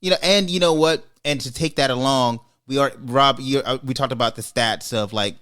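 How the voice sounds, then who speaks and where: A man's voice: mid-range voice, normal speed, a bit bright, clear, resonant tone. Emphatic man hosting a podcast. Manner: emphatic, opinionated, speeds up when making a point. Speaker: podcast host. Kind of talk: casual debate chat.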